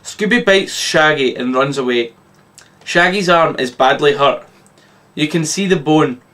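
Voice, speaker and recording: Brief: Scottish man, deadpan reader of his own short story. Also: on the high side, unhurried. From Scotland. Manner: deadpan, matter-of-fact reading.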